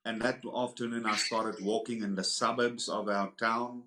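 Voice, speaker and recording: A man telling his personal testimony as a podcast guest, earnest and animated, acting out the people he quotes. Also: on the low side, moderate pace, background noise. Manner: earnest, acts out quoted voices in the story. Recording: echoey room.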